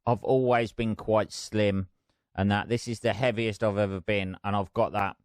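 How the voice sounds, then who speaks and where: Man, middle-aged, podcast host, rambling and sweary, lowish voice, smooth, dry close sound. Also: steady tone, normal speed, no echo. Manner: rambling, sweary, self-mocking. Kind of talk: casual solo podcast chat.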